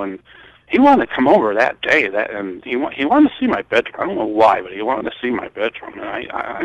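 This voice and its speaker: A man's voice: medium pitch, sing-song, no echo. Older guy from michigan telling a long story, voice jumps all over, dull dry recording. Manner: rambling, halting storyteller with many restarts. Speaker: guest. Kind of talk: recounting a personal story.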